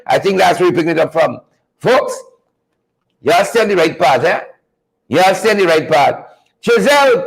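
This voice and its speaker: A man's voice: high voice, gravelly, low-quality recording. A man hosting a live news chat show. He talks in a folksy, preachy way, repeats his phrases and keeps calling out to his viewers. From Guyana. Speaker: show host.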